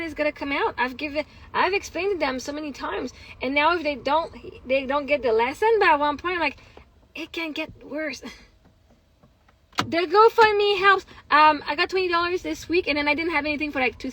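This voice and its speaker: A woman's voice: high-pitched, bright, forceful tone, rough recording. A woman talking in a casual personal vlog, candid and rambling, venting frustration with swearing and laughter. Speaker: vlogger.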